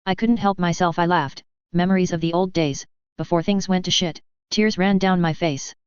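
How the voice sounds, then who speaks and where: Woman narrator, steady storybook read, smooth low voice, muffled lo-fi sound. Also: normal speed, dry recording. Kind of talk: fan fiction audiobook reading. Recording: dull dry lo-fi audio.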